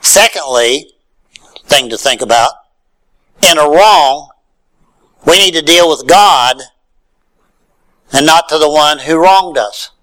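A man's voice: on the high side, slow pace, long pauses, fairly bright tone, poor audio. A man preaching a sermon, reading scripture aloud and then retelling it in his own words with rising emphasis and rhetorical questions.

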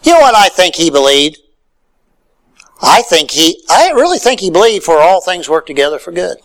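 Bright-voiced preacher man. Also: sits high, sing-song, normal speed, rough recording. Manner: reads scripture aloud, then paraphrases it with rising emphasis and rhetorical questions. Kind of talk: sermon.

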